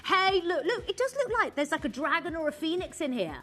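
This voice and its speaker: A woman's voice: extremely high pitch, big pitch swings, fairly quick, a bit bright. A woman presenting jewellery on a live shopping channel, bubbly and gushing as she laughs and sells. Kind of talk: live TV sales pitch.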